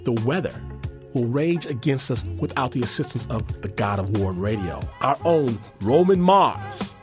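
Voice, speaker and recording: A man's voice: mid-range voice, animated, normal speed, over music. A man hosting a radio story show and telling a vivid, dramatic personal story. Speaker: host and storyteller.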